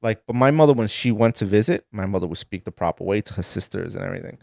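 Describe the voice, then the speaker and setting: A man who grew up in Sicily, a guest telling animated stories in casual chat. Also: fairly low pitch, fast, vocal fry, dry recording, studio quality. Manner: animated storytelling with laughs.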